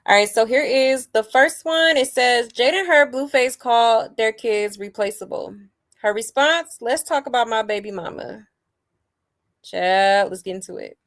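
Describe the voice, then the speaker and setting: A woman's voice: a little high, a little slow, a bit bright. A woman hosting a celebrity gossip stream, chatty, calling her viewers y'all and honey and asking them to like and subscribe. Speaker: host.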